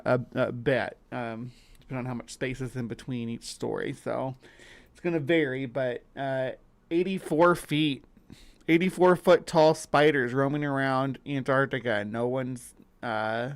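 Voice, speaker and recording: A man hosting a live stream, thinking out loud in a rambling, incredulous way as he comments on a story. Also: medium pitch, unhurried. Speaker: host.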